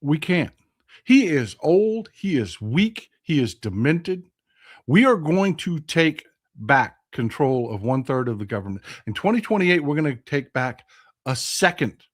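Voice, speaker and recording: A man's voice: on the high side, big pitch swings, a little slow. A man with a Texan accent hosting a political commentary vlog, speaking in an impassioned, blunt and profane way and repeating phrases for emphasis. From Texas. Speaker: host.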